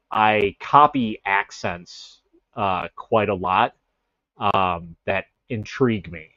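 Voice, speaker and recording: This Chicago-area man hosts a casual livestream, reading and chatting with his viewers in a mid-range voice. He rambles, keeps interrupting and restarting himself, and laughs often. The recording is dry and the audio dull.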